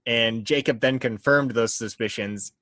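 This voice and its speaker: A man's voice: medium pitch, a little slow, a bit bright, no room sound. A young man, a guest, telling a story in casual chat and acting out the lines he quotes.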